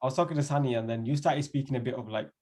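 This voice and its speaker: A man's voice: medium pitch, racing, a little mellow. A young man from England with a Bradford accent, co-hosting a podcast in chatty, casual conversation. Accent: Bradford English. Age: young adult. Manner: chatty, laughs often, repeats words. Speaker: podcast co-host. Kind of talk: casual chat.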